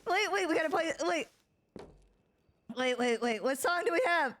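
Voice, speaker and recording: A young woman streaming a roleplay game, excitable and overwhelmed, swearing as she reacts to her chat. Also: very high voice, moderate pace.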